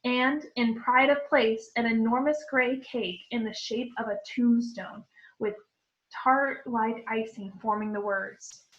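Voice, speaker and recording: A woman teacher reading a storybook aloud to children, expressive and clear. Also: on the high side, slow pace, lo-fi sound.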